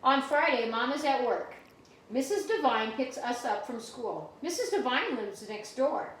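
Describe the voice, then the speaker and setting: Woman teacher reading a storybook aloud to kids, bright and higher-pitched, recorded from a distance. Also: measured pace, slight background noise. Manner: animated, explains new words to children. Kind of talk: reading a picture book aloud to students. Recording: echoey room, mic at a distance.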